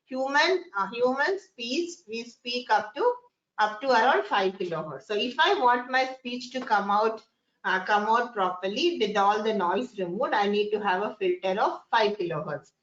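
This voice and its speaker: A woman's voice: on the high side, animated, normal speed, fairly bright tone. A woman giving a classroom lecture, often repeating phrases and putting questions to her students. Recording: echoey, dull lo-fi room sound.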